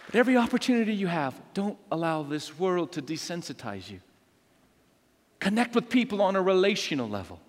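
A man preaching a sermon as a pastor, telling stories with lively, acted-out quotes. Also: high voice, fairly quick. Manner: animated storytelling with acted quotes. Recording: long hall reverb.

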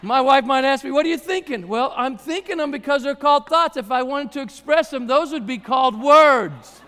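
A man's voice: very high-pitched, normal speed, sharp tone. A middle-aged man, a pastor, preaching a sermon in a conversational, joking way that builds to emphatic passages. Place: church service hall. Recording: live sermon with long hall reverb.

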